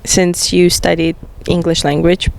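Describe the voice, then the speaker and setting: Podcast lady, real slow and halting, gravelly fry, pitch bouncing all over. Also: level tone, slight background noise. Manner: slow, halting, playful questions. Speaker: podcast co-host. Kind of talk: comedic podcast banter.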